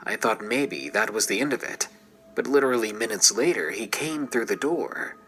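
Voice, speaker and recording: A man's voice: on the low side, expressive, moderate pace, a bit bright, a little hiss or hum, low-quality recording. A man narrating a true scary story in a scripted, dramatic way and dropping into whispers at tense moments.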